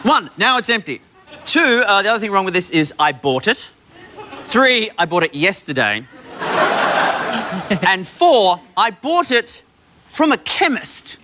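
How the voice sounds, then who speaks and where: A man's voice: high voice, a little slow, long pauses. An Australian man hosting a talk show, delivering a playful comedy monologue in a studio. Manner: playful, animated, jokey. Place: TV studio with live audience. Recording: studio audience laughter and crowd noise.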